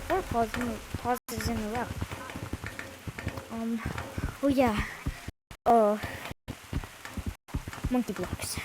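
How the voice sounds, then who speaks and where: A woman's voice: on the high side, heavy background noise. A woman giving casual, self-mocking gameplay commentary, out of breath, often dropping to a whisper. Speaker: gaming video creator. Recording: game music playing behind.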